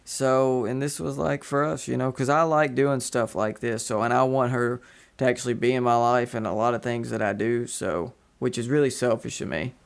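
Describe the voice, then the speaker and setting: Man, podcast host, casual chat, gravelly voice, rambling, filler-heavy. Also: medium pitch, fairly even intonation, moderate pace. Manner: rambling, lots of fillers and restarts.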